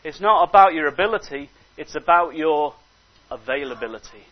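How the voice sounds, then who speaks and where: At a moderate pace, a man with a high voice delivers a sermon, lowering to hushed asides then building to emphatic exhortation, always animated. The recording quality is dull and lo-fi.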